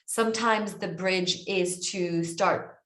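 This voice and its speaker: A woman's voice: lowish voice, fairly even intonation, slow, a bit bright, reverberant. A woman with an Israeli accent, an author and coach speaking earnestly in an online interview, often repeating words as she searches for her phrasing.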